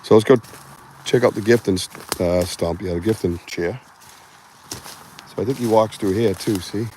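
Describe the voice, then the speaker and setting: A man with a Boston accent hosting a field vlog outdoors in the woods, talking in a hushed, muttering way with loose fillers. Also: lowish voice, normal speed, a little hiss or hum, rough recording. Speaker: vlog host, Bigfoot researcher.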